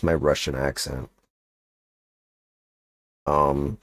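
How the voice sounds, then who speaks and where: A man's voice: deep voice, a little slow, long pauses, a little mellow, no echo. A young man chatting casually on a livestream, rambling and joking with lots of filler words. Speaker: streamer.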